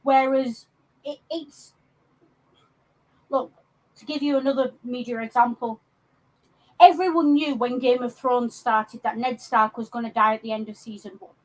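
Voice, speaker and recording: A woman's voice: on the high side, steady tone, a little slow, pauses often, darkish tone, low-quality recording. A woman from England co-hosting a podcast, chatting casually about films with lots of ums and restarts. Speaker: podcast co-host. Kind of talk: casual film discussion.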